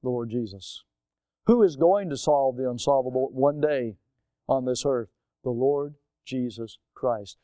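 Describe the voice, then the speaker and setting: A man's voice: medium pitch, measured pace, warm tone, clear, resonant tone, no echo, studio quality. A man preaching a sermon with a rising and falling cadence and frequent rhetorical questions. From United States. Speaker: pastor.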